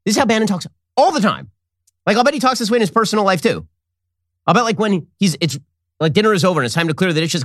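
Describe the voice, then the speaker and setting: A man hosting a political commentary show, delivering a sarcastic, animated monologue into a studio mic. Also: high-pitched, quick pace, no echo. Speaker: host.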